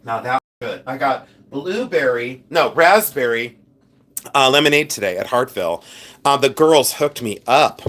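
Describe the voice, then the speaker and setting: Chatty guy on a live stream showing off jewelry finds, lots of ums, clears his throat a lot. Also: medium pitch, measured pace. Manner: chatty, animated, many fillers and asides to chat. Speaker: livestream host selling flea market finds.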